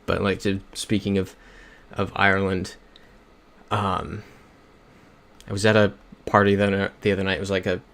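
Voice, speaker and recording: A man's voice: low voice, monotone, normal speed, fairly bright tone. A young man chatting casually on a livestream while playing a geography game. He rambles through stories and reads viewer comments aloud.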